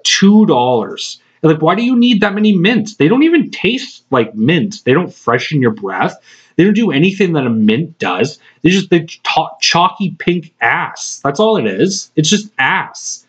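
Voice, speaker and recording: A man's voice: a little high, sing-song, moderate pace, breathy edge. A man hosting a podcast, telling a rambling workplace story in casual chat, swearing often and laughing between phrases. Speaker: podcast host. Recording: slightly dull lo-fi podcast recording.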